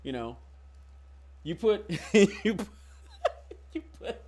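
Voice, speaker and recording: A man with a high, light voice rambles loosely through a racing-game live stream. He talks straight to his viewers and thinks aloud about his cars and plans, one easygoing thought after another. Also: big pitch swings, extremely slow, darkish tone. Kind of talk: casual live-stream chat while playing.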